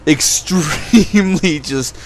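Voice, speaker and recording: Taking it slowly in a fairly high voice, a vlogger rambles to his audience, telling animated stories and offering his views. A slight hiss or hum sits under the recording.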